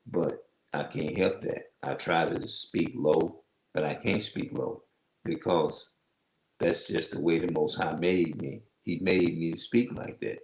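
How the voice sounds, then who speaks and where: A man with a heavy, loud voice reads Bible verses slowly and emphatically, stopping to explain them in his own words as an online religious teacher. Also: very deep voice, fairly even intonation, echoey room, poor audio. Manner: slow, emphatic, repeats himself. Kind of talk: Bible reading with loose commentary.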